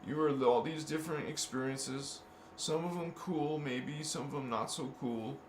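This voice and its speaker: This man's voice sits on the high side, and he speaks at a normal speed. As a spiritual vlogger, he chats to camera in a wandering, casual monologue full of restarts and repeated words, recorded in an echoey room with a faint hum of background noise.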